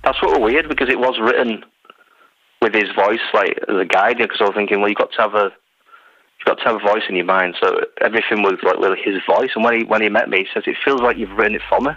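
Man, rambling storyteller, interview guest, lowish husky voice, muffled remote line. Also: fast, sharp tone, dry recording. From England. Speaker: writer guest. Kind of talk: casual interview.

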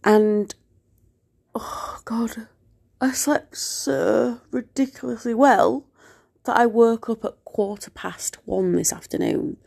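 Husky, gravelly-voiced woman chatting. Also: on the high side, takes it slowly, darkish tone. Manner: rambling, chatty, often drops to a whisper. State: unwell with a virus. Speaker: podcaster. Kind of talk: casual monologue.

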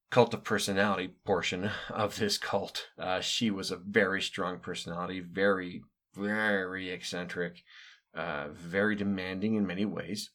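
With a low-leaning, fairly bright voice, this middle-aged podcast host from the United States tells the story of his upbringing in a loose, wry monologue that wanders into offhand asides and hesitant fillers.

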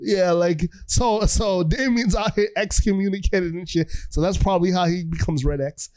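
A young man hosting a casual podcast, retelling comic-book plots in a lively, profane way and slipping into quick character voices. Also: sits high, no room sound. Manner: animated, profane storytelling full of quick character impressions. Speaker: podcast host.

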